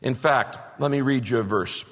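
A man's voice: medium pitch, normal speed, a bit bright. Emphatic preaching man in a big hall. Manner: emphatic preaching with rising bursts. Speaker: pastor. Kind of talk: sermon. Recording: long reverb of a large hall.

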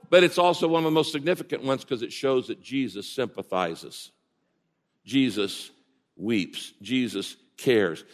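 A man preaching a sermon as pastor, animated and swinging from loud, high emphasis to hushed words. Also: in a large hall.

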